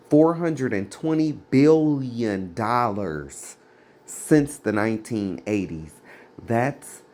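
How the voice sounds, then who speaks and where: A man's voice: lowish voice, darkish tone. A man giving fiery, blunt commentary on preachers, scornful and mocking. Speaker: religious commentator.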